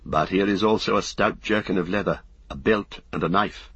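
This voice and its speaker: A man reading a noble young shieldmaiden in a gentle, solemn way, with a husky voice. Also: deep voice, normal speed, no room sound, muffled recording.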